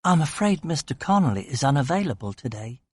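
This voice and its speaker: A man's voice: fairly high pitch, big pitch swings, a little fast, breathy edge, no echo. A man voicing a polite secretary woman with a Southern US accent, brief and pleasant.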